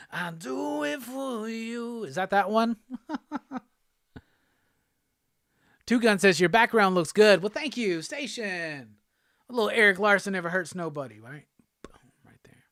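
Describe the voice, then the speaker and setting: A laid-back man hosts a casual live stream and reads out viewer comments between easy laughs. His voice sits fairly high for a man. The sound is close and dry, with no room around it. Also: a bit bright, clean tone, no room sound. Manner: laid-back, chatty, quick laughs, reads chat aloud. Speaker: host of a live pop culture show.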